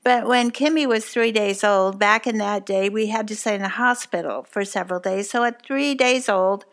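A woman's voice: mid-range voice, normal speed. A woman in her seventies teaching a devotional with tender, earnest encouragement and vivid personal stories. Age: 70s. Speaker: co-host, Bible teacher. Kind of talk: devotional talk, warm storytelling.

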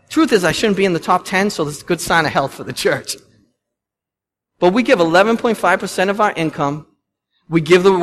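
A man in his thirties preaches in a high, bright-pitched voice, swinging up and down for emphasis and tossing questions out to the congregation. His words ring through a large church with a long reverb tail. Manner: animated preaching, rising and falling with emphasis, asking the congregation questions. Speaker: pastor. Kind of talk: sermon. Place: church sanctuary.

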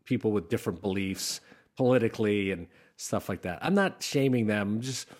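Man coaching comedy writing, animated bursts. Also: on the low side, brisk. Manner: conversational, animated bursts when demonstrating delivery. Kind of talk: instructional talk to camera.

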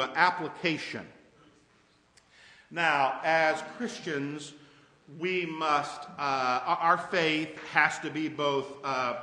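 A man's voice: a little high, bright, forceful tone, reverberant, big-room sound, low-quality recording. A male pastor preaching a conversational sermon, often asking his congregation questions. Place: church sanctuary.

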